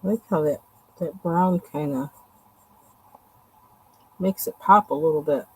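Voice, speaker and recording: A woman's voice: sits low, a little slow, a little mellow, husky, rough recording. A woman chatting casually and rambling with lots of fillers while she colors on a livestream. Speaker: livestream host.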